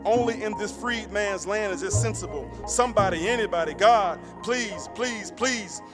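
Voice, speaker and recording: A man's voice: sits high, normal speed, over music. A man performing his spoken word poem in a rhythmic delivery that rises into a half-sung chant.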